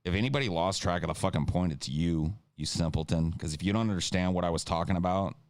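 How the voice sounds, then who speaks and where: A man with a very low voice rants heatedly on a podcast, cursing freely. He breaks into mocking impressions of the people he argues against. The sound is dry and close to the mic. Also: fast talker, no echo. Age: adult (an incumbent lost twice in his lifetime). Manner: profane, animated, mocks others with impressions. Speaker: podcast co-host. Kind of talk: heated political podcast rant.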